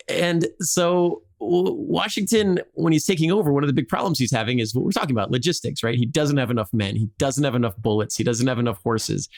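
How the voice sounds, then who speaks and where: A man hosting a podcast, telling a history story casually with lots of "like" and jokey acted-out quotes. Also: medium pitch.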